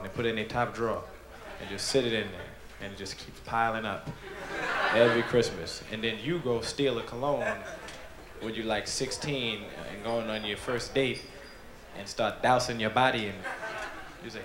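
A man's voice: lowish voice, steady tone, moderate pace. A male stand-up comedian telling profane stories and acting out the people in them. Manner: profane storytelling, acts out quotes. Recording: echoey room, loud noise.

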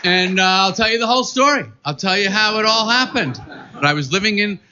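A man from New York doing a stand-up comedy set on a club stage, animated and mock-exasperated. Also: sits high, fairly quick. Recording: muffled live club recording, noisy.

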